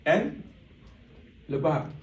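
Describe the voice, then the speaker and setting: Guy giving a big storytime speech, kinda high voice, echoey hall, mic sounds far away. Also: unhurried, a little hiss or hum. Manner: animated, acts out dialogue, frequent restarts. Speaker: motivational speaker at a business event. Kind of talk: storytelling speech to a live audience. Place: large indoor event room.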